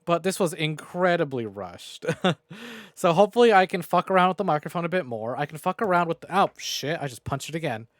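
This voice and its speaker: A male streamer talks casually from home into a close microphone, swearing freely and rambling between jokes at his own expense. His voice sits a little high and jumps around a lot. The sound is dry, with no room echo. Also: expressive, fairly quick. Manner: profane, rambling and self-mocking. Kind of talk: casual game stream recap. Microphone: new desk microphone.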